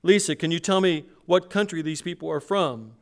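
A preacher reading a calm woman phone operator. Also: on the high side, moderate pace, creaky, voice pushed up. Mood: questioning. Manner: steady, questioning, raised read-aloud delivery.

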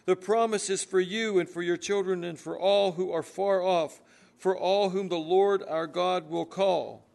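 A man preaching a sermon, earnestly explaining scripture and reading verses slowly. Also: sits high, fairly even intonation, vocal fry, darkish tone. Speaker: pastor.

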